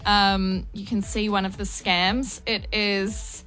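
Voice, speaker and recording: A woman's voice: medium pitch, level tone, slow pace, fairly bright tone, low-quality recording. Woman, radio panel, giggles, faint music bed. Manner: giggly, hesitant. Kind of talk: casual radio chat.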